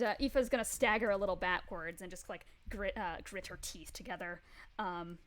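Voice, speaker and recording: Laid-back woman game master. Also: medium pitch. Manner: casual, laughs often, lots of fillers. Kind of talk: narrating a tabletop game.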